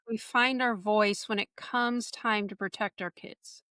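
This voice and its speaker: Bright-voiced woman host, reflective. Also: medium pitch, steady tone, a little slow, no room sound, clean studio sound. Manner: reflective, affirming, faith-based comments. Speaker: podcast host. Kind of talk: supportive interview talk.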